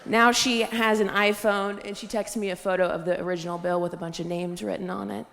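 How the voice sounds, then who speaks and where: A young woman doing stand-up in a live room with a long, ringing hall echo. Her voice carries a gravelly, creaky texture, and she tells her stories deadpan, jumping into high squeaky voices for the people she quotes. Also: fairly quick. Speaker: stand-up comedian. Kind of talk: stand-up set. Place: live comedy stage, audience laughter. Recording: live stage mic in a hall.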